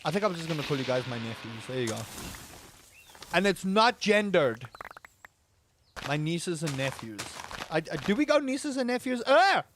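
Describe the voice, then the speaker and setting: A man's voice: fairly high pitch, sing-song, moderate pace, pauses often, noisy background. A man streaming a game, rambling and joking at his own expense while he reads and answers his chat. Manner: rambling, self-mocking, reading chat aloud. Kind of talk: casual live-stream chat.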